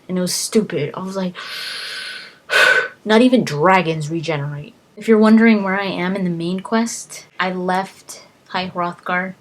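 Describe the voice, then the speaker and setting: In what sounds like an unscripted, casual vlog, a gaming vlogger gushes about a favorite game. Her low, husky voice tumbles along eagerly, tripping on words and repeating them.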